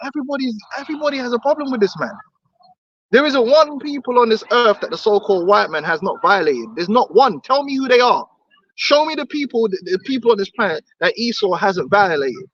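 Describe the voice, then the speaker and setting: A man's voice: very high-pitched, lively intonation, brisk, fairly bright tone, no room sound. A man in heated religious discussion, blunt and swearing, mimicking other voices. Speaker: podcast co-host. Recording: dull lo-fi dry recording.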